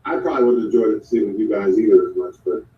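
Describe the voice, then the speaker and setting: A man co-hosting a casual chat, talking haltingly with many restarts. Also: fairly low pitch, a little hiss or hum. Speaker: co-host. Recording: dull, echoey sound from far off.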